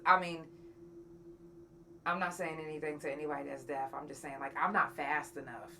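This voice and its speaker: A woman's voice: low voice, normal speed, long pauses, pushed and bright. A woman, a podcast host and singer, chatting casually and candidly with her live viewers, swearing freely.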